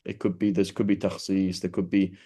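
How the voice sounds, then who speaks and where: Low-voiced man lecturing, checking "right?". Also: level tone, fairly quick, mellow, slightly rough. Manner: explains in a loose, conversational way with many "right?" checks and repeated restarts; switches between English and quoted Arabic terms. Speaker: teacher. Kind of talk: classroom lecture.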